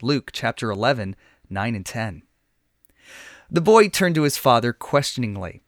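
A man hosting a children's Bible lesson podcast, reading a story aloud in a clear, friendly storytelling voice. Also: mid-range voice, very animated, normal speed, long pauses, no room sound, studio quality. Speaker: podcast lesson host and narrator. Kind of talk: scripted narration.

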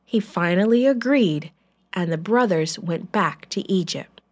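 A woman narrating a Bible story in a measured, clear scripted reading. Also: on the low side, animated, darkish tone.

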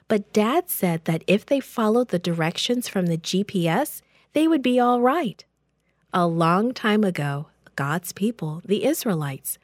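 A woman reading a children's Bible story aloud in a gentle, expressive storytelling voice. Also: fairly low pitch, no room sound, studio quality.

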